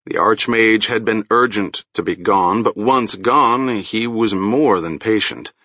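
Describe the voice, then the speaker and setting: Slow, bright-voiced male narrator. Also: on the low side, no room sound, dull audio. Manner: measured, deliberate. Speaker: audiobook narrator. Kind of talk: scripted narration of a fantasy novel.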